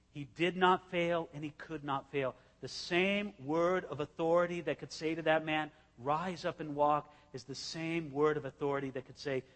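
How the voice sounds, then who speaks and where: A man preaching with a high, bright voice that rings through a large hall. He tells the story vividly, stepping into each scene as he explains it. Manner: animated storytelling, acting out scenes. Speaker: pastor. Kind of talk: expository sermon.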